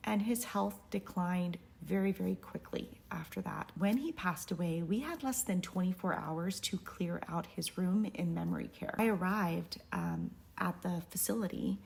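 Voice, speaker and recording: A woman telling an earnest, reflective personal story, sometimes dropping to a hush. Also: fairly low pitch, animated, moderate pace, vocal fry, few pauses. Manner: earnest, reflective, softly hushed at times. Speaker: realtor sharing a personal story.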